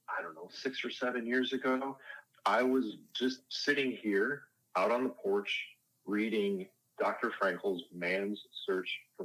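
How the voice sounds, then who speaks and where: Low-voiced man explaining at length. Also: a bit bright, poor audio. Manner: explanatory, conversational, self-deprecating asides. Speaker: counselor and life coach. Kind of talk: interview answers. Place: outdoors on a porch.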